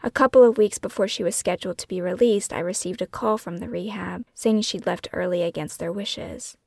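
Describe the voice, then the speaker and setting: A woman author reading her own memoir as scripted first-person narration, hushed and often falling into a breathy whisper. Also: medium pitch, brisk, no echo, studio quality. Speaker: author and podcast host.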